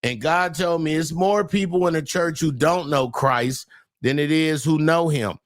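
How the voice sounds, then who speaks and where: A middle-aged man, a comedian guest, talking loud and animated, laughing through his stories. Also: fairly high pitch, measured pace, no room sound, clean studio sound. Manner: loud, talks over his own laughs, Southern Black church slang. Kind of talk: animated podcast chat.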